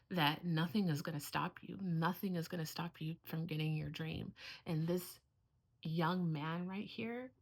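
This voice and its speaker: A woman's voice: low-pitched, vocal fry. A middle-aged woman, a homeschooling mother, talking in a heartfelt, earnest way in a casual vlog, close to tears at times.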